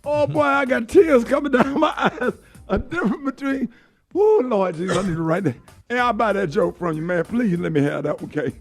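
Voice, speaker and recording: Man, radio host, very high voice, excitable, laughing banter, faint music. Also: fairly quick. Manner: laughs often, repeats himself excitedly. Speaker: radio morning show host.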